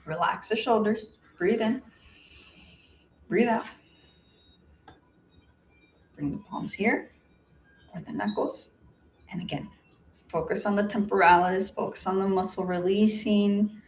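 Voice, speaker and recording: A woman leading a face yoga class over a video call, giving calm step-by-step cues and counting breaths. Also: mid-range voice, measured pace, pauses often. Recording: video call audio with faint background noise.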